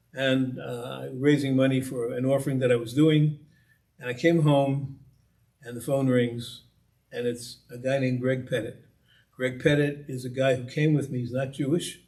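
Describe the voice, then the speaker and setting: A man's voice: medium pitch, a little mellow. A man giving a conversational storytelling talk as a guest speaker, repeating and restarting phrases and building up emphasis.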